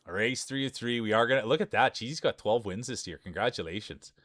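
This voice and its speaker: A man's voice: mid-range voice, fairly quick, fairly bright tone, no echo, studio quality. Joking hype-man marble race streamer. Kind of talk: live marble race commentary.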